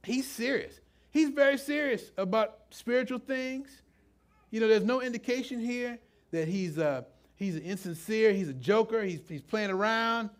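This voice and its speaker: A middle-aged man preaching a sermon in a conversational, halting way, full of restarts and asides. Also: sits high. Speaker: pastor.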